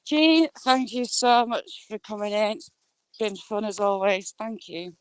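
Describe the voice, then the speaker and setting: A woman's voice: medium pitch, expressive, unhurried, smooth, rough recording. Chatty woman vlogging. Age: adult with a school-age child. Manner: chatty, greets viewers by name. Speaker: live-streaming vlogger. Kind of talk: casual chat to viewers while walking.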